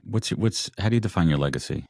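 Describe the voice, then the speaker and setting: A man's voice: sits low, animated, fast, gravelly, darkish tone, dry recording. A man hosting a podcast, interviewing his guest in a chatty, self-deprecating way. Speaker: podcast host. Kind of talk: conversational interview.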